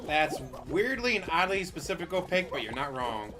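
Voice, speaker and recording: A man doing mocking, deadpan commentary over someone else's stream. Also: fairly high pitch, normal speed, music in the background. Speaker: commentary host.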